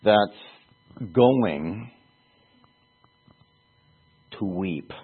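A man delivers a sermon at an unhurried, deliberate pace, circling back on words to stress them. His low voice is husky, and it comes through thin and tinny, as if over a phone. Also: expressive. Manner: earnest, halting, repeats words for emphasis. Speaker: preacher.

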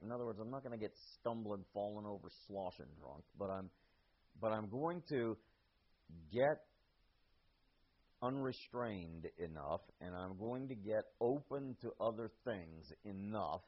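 A man preaches through a text verse by verse, taking his time and restating each line in everyday words. His voice is husky and a bit low. The recording sounds dull and lo-fi. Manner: slow, deliberate, voices the speaker of the text in first person. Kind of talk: verse-by-verse sermon.

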